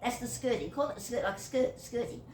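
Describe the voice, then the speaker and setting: A woman's voice: a little high, lively intonation, brisk, a little mellow. An older Australian woman rambling through whimsical anecdotes with chuckles and digressions. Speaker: YouTuber. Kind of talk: rambling storytelling monologue. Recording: echoey room, distant mic, faint hiss.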